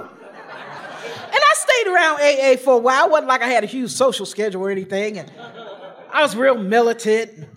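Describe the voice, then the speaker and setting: High-voiced woman telling a recovery story. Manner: animated, humorous storytelling with dramatic pauses. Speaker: recovery meeting speaker. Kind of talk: personal recovery story told to an audience.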